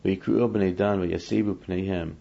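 A man's voice: deep voice, fairly even intonation, moderate pace, creaky, dark tone, muffled recording. A man teaching a scripture lesson, reading Hebrew verses and explaining each one in English while acting out the speakers in the text. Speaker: Torah teacher.

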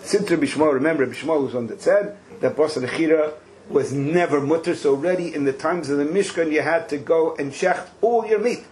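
A man's voice: on the high side, fairly quick, darkish tone, rough recording. A man leading a text study lesson, explaining with rhetorical questions and joking asides. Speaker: teacher leading a study class.

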